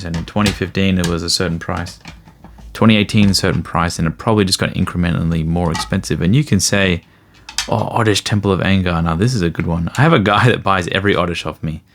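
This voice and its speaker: Low-voiced man rambling casually. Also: slight background noise. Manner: rambling, easygoing, thinks aloud. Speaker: card collector vlogger. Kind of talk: casual vlog commentary.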